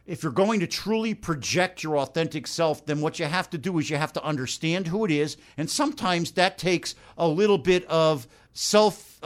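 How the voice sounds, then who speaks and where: Chatty male radio host, higher voice. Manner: chatty, effusive. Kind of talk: radio talk show interview.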